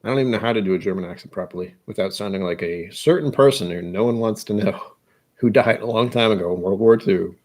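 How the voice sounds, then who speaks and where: Young American man, whiskey vlog host, casual self-mocking musings, slightly low voice. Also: fast, a little mellow. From United States. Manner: self-deprecating, musing aloud. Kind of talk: casual rambling monologue.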